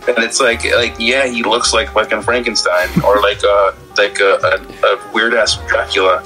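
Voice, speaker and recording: A low-voiced man with a bright, forceful tone, chatting loosely on a podcast about a movie. He restarts often and stammers through his thoughts, with faint music behind him. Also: level tone, moderate pace, rough recording. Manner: rambling, stammering, many restarts. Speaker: podcast co-host. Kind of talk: casual film-discussion chat.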